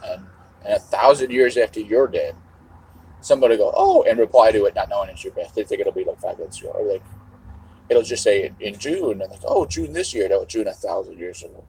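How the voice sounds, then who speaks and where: A man's voice: fairly low pitch, a little fast, darkish tone, slightly rough, poor audio. A middle-aged man vlogging in a casual livestream monologue, rambling and musing with a half-joking tone.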